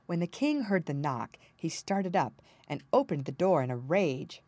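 A woman narrating an audiobook fairy tale in an expressive storytelling manner, close to the mic. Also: sits low, normal speed, no room sound.

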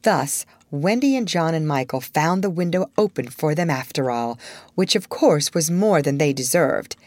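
A woman reading a children's story aloud in a measured, expressive narration. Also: low voice, no echo. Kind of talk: audiobook narration.

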